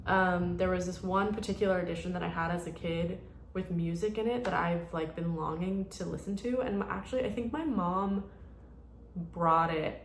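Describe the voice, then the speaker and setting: A woman's voice: lowish voice, moderate pace, creaky, echoey room, a little hiss or hum. A woman around thirty chatting casually in a rambling vlog, full of "like" fillers. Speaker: vlogger. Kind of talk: casual chat.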